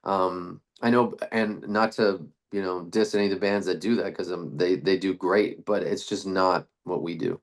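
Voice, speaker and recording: A man's voice: low voice, fairly even intonation, moderate pace, few pauses. A middle-aged man, a band frontman, talking casually in an interview, rambling with restarts and fillers. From Canada.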